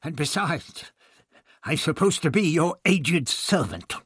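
A man's voice: fairly high pitch, animated, takes it slowly, a bit bright, dry recording, studio quality, voice pushed up, exaggerated voice. A man reading an audiobook, voicing a testy, sly elderly man with a wry, slightly breathless manner. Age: older. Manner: gasping, wry.

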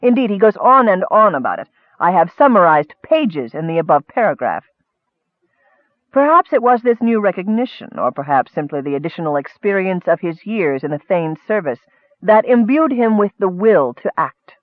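A man's voice: high-pitched, very animated, moderate pace, dry recording. A man narrating an audiobook, with scholarly asides addressed to a superior, heard through a thin, phone-like recording.

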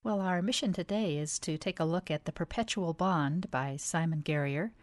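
A woman's voice: on the low side, normal speed, no room sound. A woman reviewing an audio drama in casual chat, articulate and enthusiastic. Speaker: forum moderator, reviewer.

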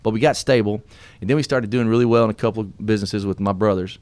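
A middle-aged man hosting a radio show, telling his story in an earnest, animated, folksy way. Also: lowish voice, fast talker, smooth, no room sound. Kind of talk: casual storytelling and motivational talk.

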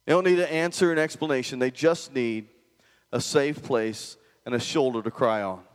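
A man's voice: medium pitch, normal speed, clear, resonant tone, big-room sound. A male pastor preaching a conversational sermon and often asking the congregation questions.

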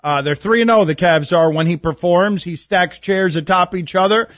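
A male sports radio host interviewing a guest with playful excitement. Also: high voice, moderate pace, no room sound, dull audio.

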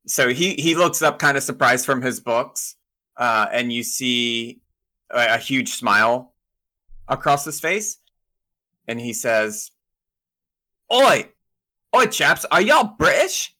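A man's voice: medium pitch, slow, pushed and bright. A man running a tabletop game as game master, narrating in an easygoing, descriptive way.

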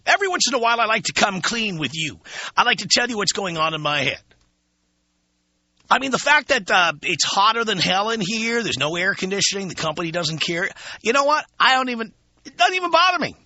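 A man's voice: sits high, very animated, brisk, pushed and bright, no room sound, dull audio. A man hosting a radio talk show, talking to listeners in a sardonic, profane, self-mocking monologue from a studio. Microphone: studio microphone.

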